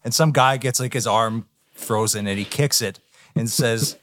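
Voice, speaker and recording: A man co-hosting a casual movie review chat, animated and mocking. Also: mid-range voice, normal speed. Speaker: podcast co-host.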